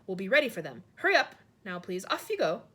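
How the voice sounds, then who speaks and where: A woman's voice: mid-range voice, very animated, fast, sharp tone, husky, full character voice. A woman voicing a composed, firm queen who gives orders, read from a storybook. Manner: composed, commanding.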